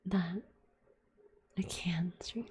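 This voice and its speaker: A woman's voice: on the low side, fairly even intonation, very slow, a little mellow, slight background noise. A sick woman streamer in a whispered ASMR chat, rambling casually and swearing a lot between whispers.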